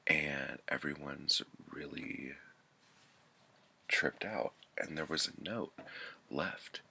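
A man with a very deep voice reviews a book in a loose, chatty way, leaning on filler words and dropping the odd curse. His tone is husky and gravelly yet has a bright edge. He talks slowly and unhurriedly. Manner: loose and chatty, full of "like" and "um", swears freely.

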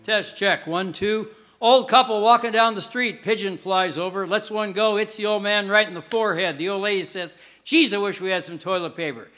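An older man doing stand-up on stage, telling quick deadpan one-liners to a live audience. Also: high voice. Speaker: stand-up comedian. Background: audience laughter.

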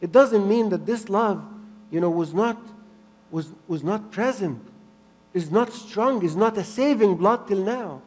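Man preaching, high voice, slow, earnest, repeats phrases, swings soft to loud, long church-hall reverb. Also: animated. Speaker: pastor. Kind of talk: sermon.

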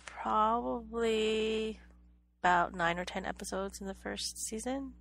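A woman's voice: on the high side, a little slow, creaky, fairly bright tone. A woman co-hosting a podcast in casual chat, hesitant, often repeating words and laughing. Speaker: podcast co-host.

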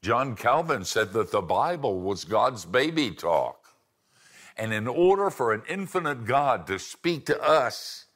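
Older pastor telling stories in a sermon, real low voice, takes his time, folksy and joking at himself. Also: a bit bright. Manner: folksy, self-deprecating humor. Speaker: pastor and seminary teacher. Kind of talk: sermon with humorous storytelling.

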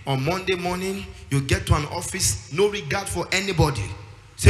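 A man with a high voice, speaking at normal speed, preaches emphatically, acting out quoted voices and rising into sing-song. The sermon was recorded in an echoey hall, music audible behind him.

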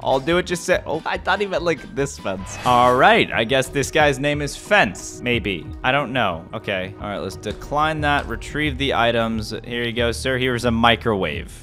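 A man giving excitable, chatty commentary over his own gameplay, talking straight to his viewers and breaking into sudden yelps. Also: medium pitch, moderate pace, few pauses, faint music behind. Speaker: gaming video creator.

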